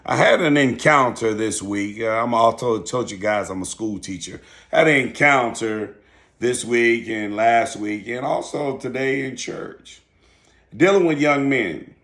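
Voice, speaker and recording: An older man, a school teacher and channel host, telling a story in a calm, measured, preachy way. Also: mid-range voice. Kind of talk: casual talk to camera.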